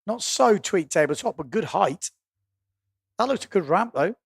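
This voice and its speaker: English guy calling a windsurf event live, gravelly voice, laughs a lot. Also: high-pitched, animated, no echo, clean studio sound. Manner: jokey, laughs easily, quick asides. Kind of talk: live sports commentary and banter.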